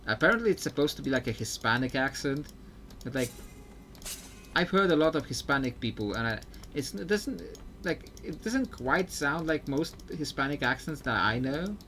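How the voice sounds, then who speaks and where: A man's voice: on the high side, expressive, moderate pace, sharp tone, slight background noise. A man streaming live gameplay commentary, chatty and thinking aloud with frequent fillers. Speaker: streamer playing a video game.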